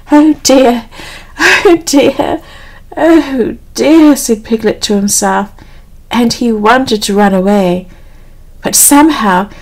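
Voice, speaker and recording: A woman from England, slowly and expressively reading a bedtime story in a soothing way. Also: a little high, a little mellow, poor audio.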